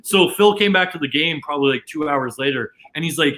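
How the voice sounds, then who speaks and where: A man's voice: on the high side, a little fast, fairly bright tone, poor audio. A man from Canada who works as a casino dealer, telling a long anecdote in casual chat, full of restarts and quoted dialogue. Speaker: casino dealer, podcast guest.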